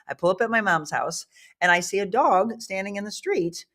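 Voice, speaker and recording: A woman hosting a live talk show, telling a story in a lively way and laughing often. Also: mid-range voice, normal speed. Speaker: host.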